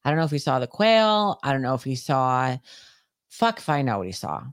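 A woman co-hosting a podcast, telling a story in a casual chat with animated delivery and plenty of swearing. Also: extremely low pitch, a little fast, clean tone, no echo, studio quality. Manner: animated storytelling, heavy swearing, shouts when acting out scenes. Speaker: podcast co-host.

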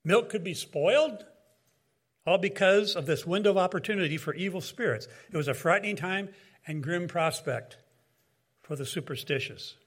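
Male preacher, earnest and measured, fairly high voice, conversational asides. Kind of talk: sermon.

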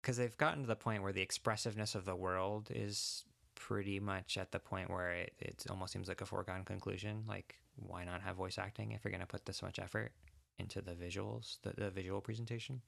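Man, very low voice, gravelly, podcast co-host, thoughtful, hesitant. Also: flat delivery, fairly quick, a bit bright. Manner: thoughtful, hesitant, many fillers. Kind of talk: casual chat.

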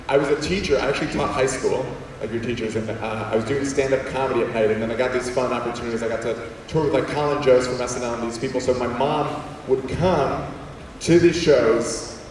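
A man, a comedian and former teacher, telling humorous stories to an audience in an animated, self-deprecating way and acting out quotes. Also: mid-range voice, a little hiss or hum. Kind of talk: humorous storytelling talk to an audience. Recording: echoey hall heard from far off.

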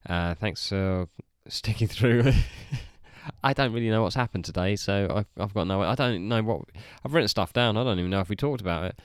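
A man hosting a podcast, easygoing and a little halting as he reads out picks and signs off. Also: lowish voice, clear, resonant tone, no echo, studio quality. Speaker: podcast host. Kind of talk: casual chat.

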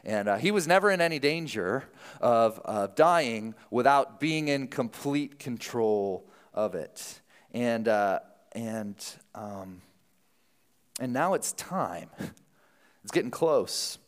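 A man's voice: mid-range voice, slow, clean tone, big-room sound. Conversational man preaching a sermon. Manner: conversational, animated, self-interrupting. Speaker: pastor. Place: church sanctuary.

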